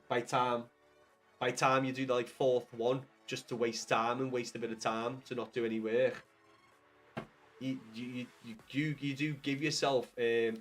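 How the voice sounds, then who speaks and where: A young man chatting casually to viewers while streaming a football video game, rambling and swearing with excited bursts. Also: medium pitch. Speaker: gaming livestreamer. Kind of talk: casual livestream chat with viewers.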